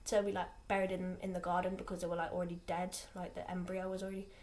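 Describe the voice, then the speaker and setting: Talking fast and flatly, an English teenage vlogger with a lowish, darkish voice drifts through an aimless casual chat. Her rambling is full of fillers and false starts.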